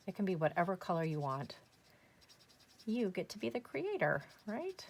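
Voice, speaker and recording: Very animated and speaking at a normal speed in a lowish voice, this woman runs a casual step-by-step craft demonstration. She's chatty and enthusiastic, often talking to herself as she works.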